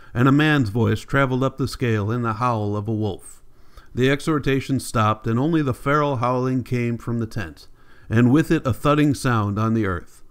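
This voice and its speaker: A man narrating a classic novel as an audiobook, steady and measured. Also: medium pitch, clean tone. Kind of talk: scripted narration.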